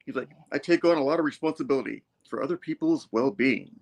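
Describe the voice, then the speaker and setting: A man hosting a casual comic book review show, retelling a story and jumping into quick character voices. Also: vocal fry. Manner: animated storyteller, jumps high for quoted characters.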